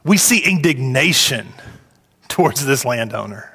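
A man preaching a sermon, his voice climbing high and loud when he acts out complaining workers. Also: a little slow, big-room sound. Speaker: pastor.

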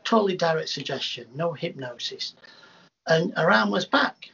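A man, a hypnotherapist, telling rambling, animated anecdotes in a casual interview, with many restarts. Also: on the high side, moderate pace, vocal fry, slightly rough. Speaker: hypnotherapist guest. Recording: dull lo-fi sound.

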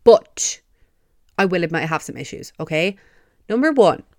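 A young woman hosting a podcast, gushing excitedly and swearing a lot in a casual fan review. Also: low-pitched, normal speed, no echo, clean studio sound. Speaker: podcast host.

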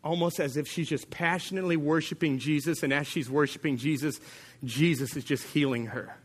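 A man preaching a sermon as pastor, telling a story with animated delivery and acting out the voices of its people. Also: a little high, brisk, slightly rough.

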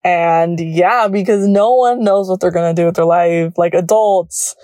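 A woman's voice: fairly low pitch, steady tone, unhurried, warm tone, dry recording, clean studio sound. A woman in her early twenties hosting a solo podcast, chatting in a bubbly way, laughing often and slipping between English and Spanish. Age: early 20s. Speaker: podcast host.

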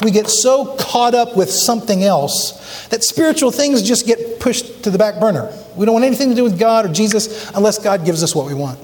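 A man's voice: sits high, a little mellow. Emphatic preacher man, echoing hall. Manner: emphatic preaching with rhetorical questions. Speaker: pastor. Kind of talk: sermon. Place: church sanctuary. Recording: long church reverb.

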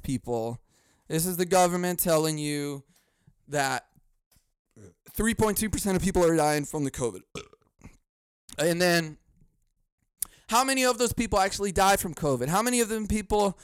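A man hosting a casual solo podcast, ranting and swearing freely, jumping between mock outrage, laughter and low muttered asides. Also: clear, resonant tone, dry recording. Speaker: podcast host.

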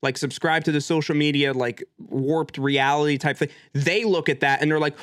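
An animated young man co-hosting a podcast in a casual chat. His voice sits a little high and sounds dry and close, and he swears freely as he argues his point. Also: moderate pace, hardly any pauses, dry recording. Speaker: podcast co-host.

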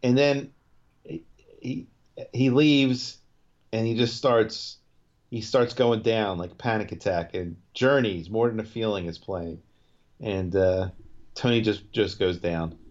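Low-ish guy rambling thru a recap, lots of you know, kinda muffled lo-fi audio. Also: slow pace, a little mellow. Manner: rambling, loose retelling full of "you know" and restarts. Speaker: podcast co-host recapping a TV episode. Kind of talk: casual chat. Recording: dull lo-fi recording.

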